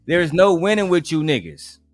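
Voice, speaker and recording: A man's voice: on the high side, normal speed, dry recording. A man hosting a reaction livestream, talking in a blunt, profane, ranting way. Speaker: livestream host. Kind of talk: casual reaction stream chat.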